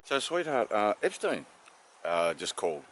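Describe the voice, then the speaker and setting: A man's voice: fairly low pitch, big pitch swings, unhurried, over loud music. Aussie guy rambling through jokes, lots of uh's, voice bounces up and down. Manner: rambling, many fillers, calls listener darling. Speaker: joke teller. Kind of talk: casual joke telling.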